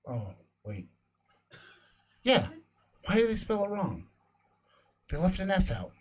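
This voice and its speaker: A man reads a ghost story aloud for a podcast, lowering his voice to build suspense and tripping over the odd word. His voice is husky and sits a little high. He takes his time, slow and drawn out. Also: wildly swooping pitch. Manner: hushed, suspense-building reading with stumbles. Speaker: podcast co-host. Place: near Las Cruces, New Mexico.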